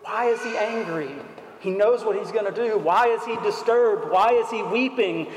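A man preaching a sermon in an earnest, deliberate way, asking rhetorical questions. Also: high-pitched. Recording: echoey hall.

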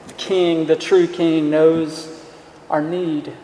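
A man's voice: on the high side, level tone, slow, warm tone. Man preaching in an echoey hall. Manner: earnest, rhetorical questions, repeats words. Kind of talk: sermon. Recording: echoey hall, faint room noise.

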